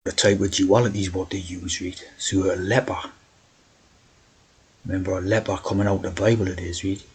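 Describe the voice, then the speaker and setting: A man's voice: sits low, level tone, a little fast, breathy edge, rough recording. A man talking in a rambling monologue, tagging his points with "right?". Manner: meandering, keeps asking "right?". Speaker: video host.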